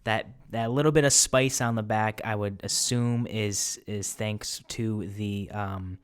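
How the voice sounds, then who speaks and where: Man, home whisky review host, smooth voice, rambling and filler-heavy. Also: fairly low pitch, steady tone, a little slow. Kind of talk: casual whisky tasting review. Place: apartment.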